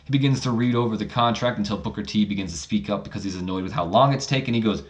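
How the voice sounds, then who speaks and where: Rambling low-voiced gaming host. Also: male voice, fast, few pauses. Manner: rambling, self-correcting. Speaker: let's play host. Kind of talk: casual game commentary.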